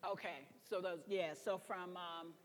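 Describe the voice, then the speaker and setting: A woman's voice: on the low side, fairly even intonation, unhurried, in a large hall, soft background music. A woman coaching a choir through a gospel song, speaking her instructions and breaking into sung demonstrations. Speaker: vocal coach teaching a choir. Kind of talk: singing lesson.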